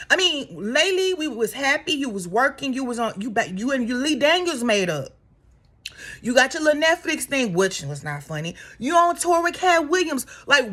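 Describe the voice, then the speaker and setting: Woman vlogger, slightly high voice, casual opinionated commentary, phone camera. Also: fairly bright tone. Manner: chatty, opinionated, calls out celebrities directly.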